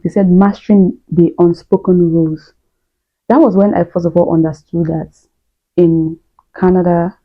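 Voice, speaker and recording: A young woman from Nigeria with a Nigerian accent, talking candidly and chattily to camera with lots of fillers. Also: fairly low pitch. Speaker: vlogger. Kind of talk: casual talk to camera. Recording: dull lo-fi sound.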